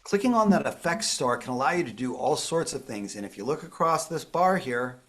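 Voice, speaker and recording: A man's voice: medium pitch, expressive, fairly quick, fairly bright tone. A man presenting a live phone tutorial, walking viewers through each step in an upbeat, explanatory way. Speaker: tech presenter.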